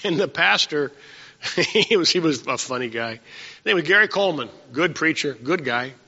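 Man, pastor preaching, bright sharp tone, gravelly, animated delivery with restarts, long church reverb, muffled sound. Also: fairly high pitch, moderate pace. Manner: animated, rising to emphatic peaks, with frequent restarts. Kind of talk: sermon. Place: church sanctuary. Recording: dull sound with hall reverb.

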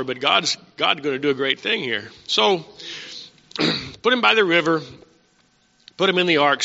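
A man's voice: a little high, vocal fry, pushed and bright, in a large hall, lo-fi sound. A man preaching a casual, conversational sermon, asking his congregation questions as he teaches.

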